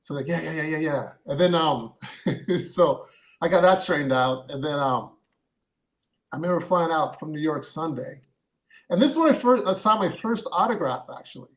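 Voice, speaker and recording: Man, actor, casual storytelling, slightly high voice, halting, full of fillers. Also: lively intonation, fairly bright tone. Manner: rambling, halting, with many fillers and restarts.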